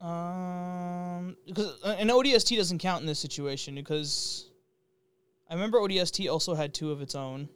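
A man with a high, smooth and clear voice chatting casually about video games. He rambles through fillers and restarts, cracks jokes and laughs often, like a podcast co-host. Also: normal speed, a bit bright. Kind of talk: casual gaming chat.

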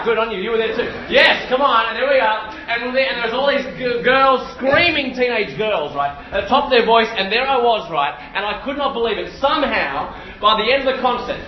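A man in his thirties preaching a sermon, telling stories with lots of energy, repeating phrases and shouting out impressions. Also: extremely high pitch, lively intonation, moderate pace, hardly any pauses, reverberant, highs cut off, slight background noise. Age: 30s.

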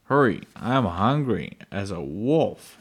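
A man reading aloud, voicing a calm but firm pioneer father in a storybook with a slow, gravelly voice. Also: on the low side, exaggerated voice. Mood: reassuring. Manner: steady, measured, plainly read.

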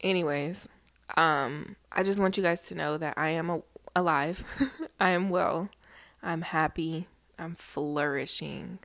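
A young woman talks straight to her followers in a slightly low voice, rambling, swearing freely and laughing between thoughts. She sounds emotional and close to tears. The recording is dry and close, with no room sound. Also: fairly even intonation, measured pace, vocal fry, a bit bright, no echo. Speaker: vlogger. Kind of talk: casual chat to followers.

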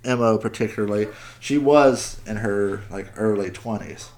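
A man's voice: fairly low pitch, moderate pace, a little mellow. A man co-hosting a podcast, chatting casually and telling stories with plenty of swearing. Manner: swears freely, tells stories with quoted voices. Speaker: podcast co-host. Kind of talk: casual chat.

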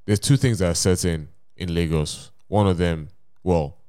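A man's voice: low-pitched, normal speed, mellow, smooth, no room sound, studio quality. A young man co-hosting a casual podcast, telling rambling stories and reading a message aloud, punctuation and all. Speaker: podcast co-host. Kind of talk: casual chat.

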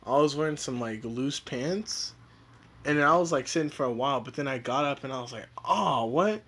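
A man's voice: mid-range voice, fairly quick, fairly bright tone. A young man co-hosting a casual podcast, laid-back and teasing, chuckling often. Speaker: podcast co-host. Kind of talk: casual chat.

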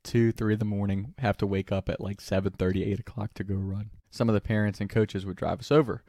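Low-voiced young man telling a story. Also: flat delivery, quick pace, warm tone, no room sound, clean studio sound. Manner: laughs often while telling, swears casually. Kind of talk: casual anecdote telling.

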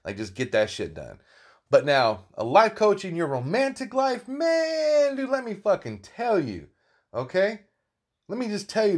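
A man's voice: high voice, sing-song, moderate pace. A man hosting a solo podcast, talking casually in a profane, rambling and opinionated way. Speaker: podcast host.

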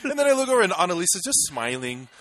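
Guy chatting casually, bright voice, animated story, lots of likes and ums. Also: sits high, fast talker. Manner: animated storyteller, laughs while telling, many fillers. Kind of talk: casual chat.

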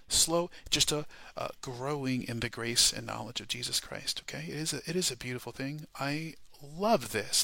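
A man's voice: mid-range voice, sharp tone, no echo. A man preaching a sermon, emphatic and repetitive, peppering his points with rhetorical questions.

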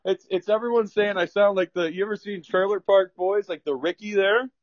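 A man's voice: high-pitched, steady tone, brisk, no echo, highs cut off. A Canadian man talking as a guest in casual chat, laid-back, rambling and swearing a lot.

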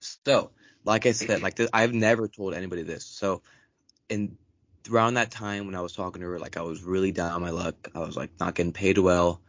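Low-voiced young man telling a profane story. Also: fairly quick, no echo. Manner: profane, animated, acts out quotes in raised voice. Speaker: podcast co-host. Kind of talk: casual storytelling chat. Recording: dull lo-fi dry recording.

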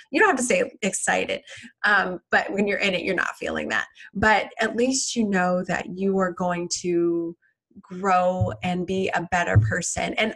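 A woman's voice: on the low side, measured pace, vocal fry, a bit bright. A woman giving a casual motivational self-help talk in an earnest tone, often repeating words and asking "right?".

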